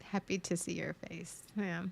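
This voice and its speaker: A woman's voice: lowish voice, level tone, moderate pace, creaky, slight background noise. A woman in her thirties talking on a live stream, rambling and emotional, restarting her sentences and laughing between thoughts.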